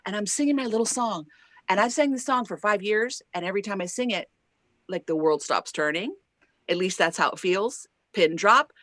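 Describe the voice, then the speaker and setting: A woman singer telling an animated story as an interview guest, acting out quoted voices and tagging lines with "right?". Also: mid-range voice, normal speed, no room sound. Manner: lively storyteller who acts out quoted voices and laughs often; chatty, many "like" and "right?" tags.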